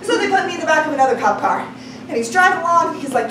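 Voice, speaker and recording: Woman storyteller, very high voice, lively pitch, acting out voices, distant mic in an echoey room. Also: quick pace, noisy background. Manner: animated, acts out quoted voices, laughing often. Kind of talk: live personal storytelling.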